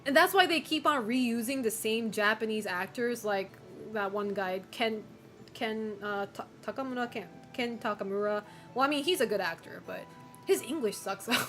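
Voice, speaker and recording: A woman's voice: fairly high pitch, normal speed, fairly bright tone, soft background music. A woman streamer chatting casually with viewers, opinionated, swearing and laughing often.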